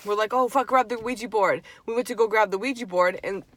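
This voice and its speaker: A young woman vlogger telling a spooky story in casual chat, animated and swearing freely. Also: mid-range voice, fast talker. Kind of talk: casual storytime while eating.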